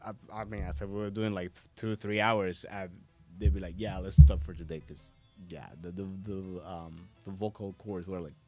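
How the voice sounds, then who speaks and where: Congested man, low voice, studio chat. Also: moderate pace, soft background music. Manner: animated, jumps into quoted voices. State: a little congested. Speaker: guest voice actor. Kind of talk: casual interview chat. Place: podcast studio in a hobby shop.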